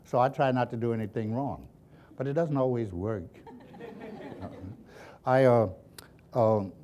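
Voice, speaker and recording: A man's voice: medium pitch, slow pace, lo-fi sound. An older man being interviewed, telling folksy childhood stories and chuckling often as he speaks. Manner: chuckles often while recounting, folksy and lively. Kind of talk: storytelling reminiscence.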